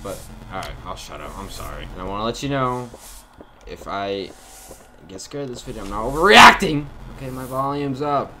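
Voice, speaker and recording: A man's voice: lowish voice, lively intonation, moderate pace, noisy background. A young man giving jokey commentary on a horror game, talking straight to his viewers. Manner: chatty, jokey, talks to viewers. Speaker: gaming YouTuber. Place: dark room at home. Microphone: desk mic, face cam.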